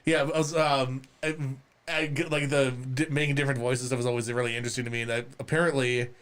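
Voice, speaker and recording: A man's voice: medium pitch, flat delivery, fast, a bit bright, smooth. Male podcast co-host, casual and rambling, stumbles over words. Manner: rambling, hesitant, jokes with mock accents. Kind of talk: casual chat.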